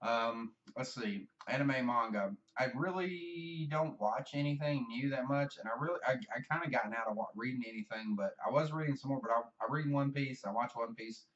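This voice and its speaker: A man's voice: medium pitch, moderate pace, few pauses, fairly bright tone, recorded from a distance, muffled recording. Rambling, foul-mouthed Southern man. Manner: meandering, profane, self-deprecating. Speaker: vlogger. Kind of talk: rambling casual monologue.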